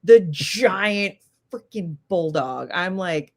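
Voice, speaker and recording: A woman guest telling a story in casual chat, animated and acting out the voices of people in it. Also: low-pitched, normal speed. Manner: animated, acts out quoted voices. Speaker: podcast guest.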